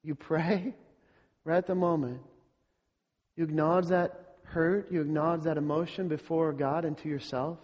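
A man's voice: a little high, steady tone, moderate pace, pauses often, darkish tone, lo-fi sound. A middle-aged male pastor preaching a sermon, earnest and emphatic, repeating his points and asking the congregation rhetorical questions. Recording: long hall reverb.

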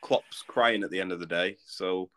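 A man's voice: low voice, moderate pace, fairly bright tone, clear, resonant tone. A man co-hosting a football podcast, telling match stories in a teasing, laid-back way. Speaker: podcast co-host. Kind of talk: casual football chat.

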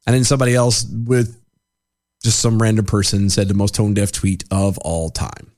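A man co-hosting a casual political podcast, sarcastic and quick to laugh as he reads out quotes. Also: on the low side. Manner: sarcastic, animated, laughs easily. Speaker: podcast co-host.

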